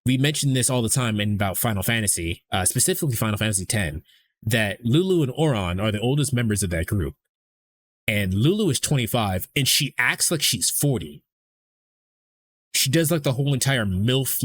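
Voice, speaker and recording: A man's voice: medium pitch, animated, normal speed, fairly bright tone, slightly rough. A young adult man streamer rambling casually to his chat, swearing freely and restarting his sentences often.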